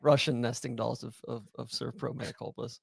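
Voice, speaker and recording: A man's voice: mid-range voice, level tone, moderate pace, vocal fry, slightly rough, dry recording, clean studio sound. A man co-hosting a casual golf podcast, joking and laughing as he talks. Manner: joking, laughs through lines. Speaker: podcast co-host.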